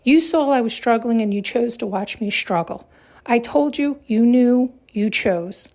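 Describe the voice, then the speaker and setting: A podcast host with a somewhat high, slightly mellow voice speaks unhurriedly. She gives a reflective spiritual monologue in a conversational style, using rhetorical questions to drive her points home.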